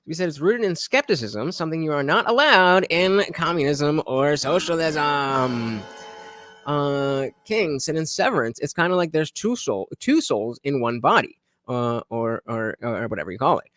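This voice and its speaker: A man's voice: fairly high pitch, animated, a bit bright, no echo. Hesitant man reviewing a debate on stream. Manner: halting, many fillers and restarts. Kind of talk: casual live-stream commentary.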